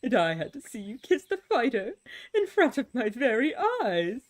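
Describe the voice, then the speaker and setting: A woman's voice: fairly high pitch, sing-song, normal speed. A woman reading aloud the lines of a mocking, theatrical star-like being in a video game, with a dramatic, taunting delivery. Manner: dramatic, taunting, mock-wounded.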